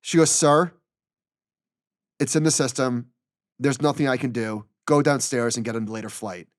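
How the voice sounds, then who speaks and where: A middle-aged man co-hosting a podcast, telling a story in an animated, exasperated way and acting out the dialogue. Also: medium pitch, normal speed, no room sound, studio quality. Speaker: podcast co-host. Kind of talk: casual storytelling chat.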